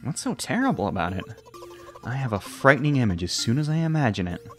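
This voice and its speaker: A young man reading a text game aloud with playful commentary, jumping between squeaky high and low reading voices. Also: sing-song, fast talker, a bit bright, soft background music.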